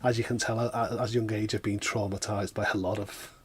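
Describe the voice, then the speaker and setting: A man hosting a relaxed chat, talking in a joking way with frequent restarts. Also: on the low side, fast talker, husky. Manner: chatty, jokey, many restarts. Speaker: host. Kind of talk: casual chat.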